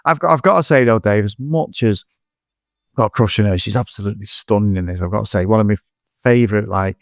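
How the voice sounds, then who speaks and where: A man's voice: on the low side, fast talker, dry recording, studio quality. A man, a podcast co-host chatting casually about a film, swearing and acting out scenes. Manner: swearing, animated, acts out scenes in quotes. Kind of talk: casual film review chat.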